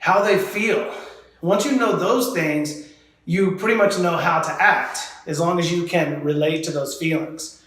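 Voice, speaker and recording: Slow, encouraging male drama teacher, echoey room. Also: on the high side, a bit bright. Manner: encouraging, models each drill for students to repeat. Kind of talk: leading voice and diction warm-ups for children.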